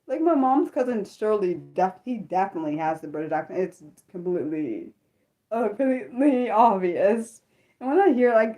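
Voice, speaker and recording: An American woman hosting an unscripted livestream, chatting in a rambling, animated way with many fillers and restarts. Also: mid-range voice. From Maryland, United States. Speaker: livestream host. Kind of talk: unscripted livestream chat, answering viewers.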